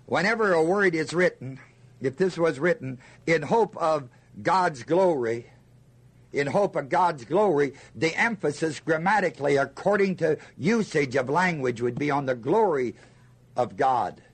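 An older man with a voice on the high side and a breathy edge teaches a Bible lesson to a listening group. In this sermon-style teaching, he poses questions and answers them himself with emphasis.

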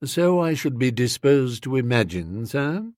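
A man voicing an unflappable male valet who speaks quietly, slowly and formally. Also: mid-range voice, big pitch swings, no room sound, studio quality. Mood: composed. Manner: quiet, measured, slow and formal.

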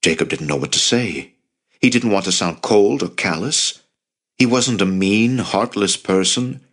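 A man narrates an audiobook from a script in a steady, measured reading voice that sits on the low side.

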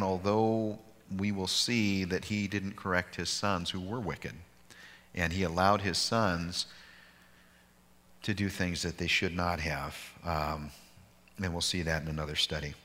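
Male pastor, low and punchy, casual teaching with dry self-mocking asides, heard in a big echoing sanctuary. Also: fairly even intonation, unhurried, a bit bright. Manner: informal, digressive, self-deprecating humor. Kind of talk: conversational bible study teaching.

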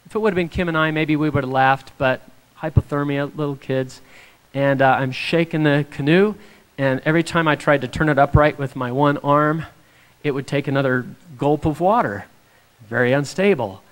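Man telling a lively devotional story. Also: on the high side. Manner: animated storytelling, acts out quotes. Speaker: speaker. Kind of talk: devotional talk with a personal story.

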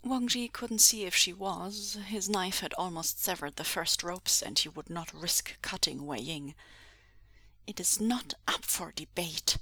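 A woman reading a fan story aloud in a breathy, half-whispered narration. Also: lowish voice, pushed and bright, no echo. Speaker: podfic reader. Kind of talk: audiobook narration.

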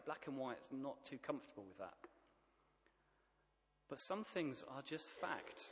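A man's voice: medium pitch, long reverb tail. A man preaching a sermon, emphatic and plain-spoken, stacking up repeated phrases.

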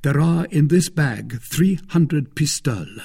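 A man's voice: a little high, lively intonation, slow, vocal fry, warm tone, husky, voice pushed up, exaggerated voice. A man voicing a confident young male guardsman who speaks in a commanding, assured way.

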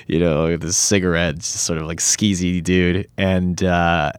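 A man's voice: deep voice, a little slow, clean tone, no room sound. A man talking casually in an interview as an actor, telling stories animatedly with lots of fillers and some swearing. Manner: animated storytelling, many fillers, swears freely.

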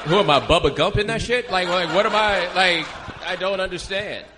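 Guy cracking up on a podcast, voice a little high. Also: normal speed, background noise. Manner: laughing, teasing. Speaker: podcast co-host. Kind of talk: casual chat.

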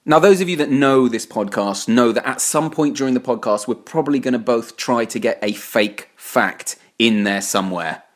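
A man's voice: medium pitch, normal speed, few pauses. A man co-hosting a casual podcast, teasing his co-host and setting up jokes in a playful way. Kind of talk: casual chat.

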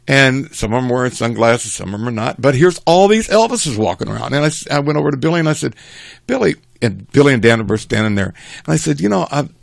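An older man casually telling a rambling family story, animated and chuckling as he goes. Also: medium pitch, creaky, no echo.

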